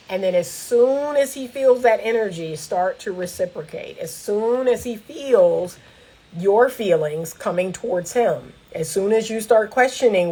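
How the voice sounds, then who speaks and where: A woman coaching relationships in a direct, emphatic monologue, talking straight to the viewer at a mid pitch. She walks through points one by one, firmly and plainly. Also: unhurried, a little mellow, husky, low-quality recording. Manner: acts out quoted speech in a raised voice.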